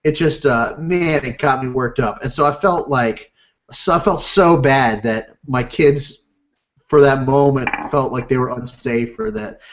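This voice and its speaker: A man co-hosting a podcast, telling a story about his own week in an animated, self-deprecating way. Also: medium pitch, unhurried, lo-fi sound. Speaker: podcast co-host, father. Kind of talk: casual storytelling chat.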